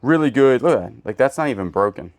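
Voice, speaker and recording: Talking fast and animated in a mid-range voice, a man hosts a laid-back storage unit unboxing as a reseller. He keeps up joking, goofy asides while unpacking, and the recording carries faint background noise and birds.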